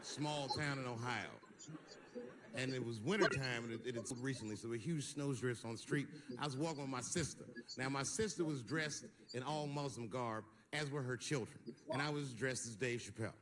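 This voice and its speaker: A man's voice: mid-range voice, brisk, over a noisy crowd. A man performing a stand-up comedy routine on stage, telling a story animatedly and acting out the people in it. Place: stage before a live audience. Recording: live stage recording with audience noise.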